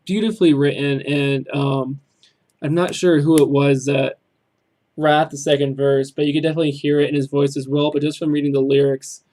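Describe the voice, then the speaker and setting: Earnest man with a flat, higher voice. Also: a little fast. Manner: earnest and reflective, with frequent ums and restarts. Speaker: reaction video host. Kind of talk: casual spoken commentary on song lyrics.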